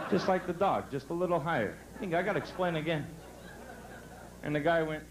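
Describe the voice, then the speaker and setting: A man doing a brash, punchy stand-up comedy set at a resort club, telling jokes and bursting into loud outbursts. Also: on the high side, lively intonation, normal speed, long pauses, a little hiss or hum, low-quality recording. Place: resort club stage before a live audience.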